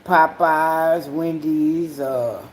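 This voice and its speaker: A woman hosting her own podcast, telling rambling, profanity-heavy stories in a casual monologue, swinging between loud outbursts and low mutters. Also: fairly even intonation, extremely slow. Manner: profane, rambling storytelling with frequent swearing. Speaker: podcast host.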